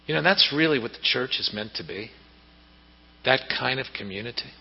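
Animated male preacher in an echoing hall. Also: mid-range voice, normal speed, vocal fry, breathy edge. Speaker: pastor. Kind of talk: sermon. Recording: reverberant hall, dull lo-fi sound.

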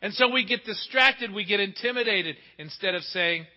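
A man preaching a sermon emphatically, asking rhetorical questions and swinging between loud and hushed delivery. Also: high-pitched, moderate pace. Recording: muffled with long hall reverb.

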